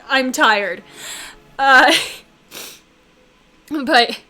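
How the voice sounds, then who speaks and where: A woman streamer reacting casually to a visual novel, loud and exclaiming, with swearing and laughter. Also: high-pitched, animated, takes it slowly, soft background music.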